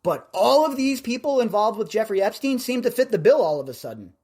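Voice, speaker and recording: A man from Las Vegas hosting a podcast live stream, chatting in a rambling, loudmouthed way. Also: sits high, sing-song, a little fast, slightly rough. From Las Vegas, USA. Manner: rambling, self-described loudmouth. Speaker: podcast host. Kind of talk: casual live-stream chat.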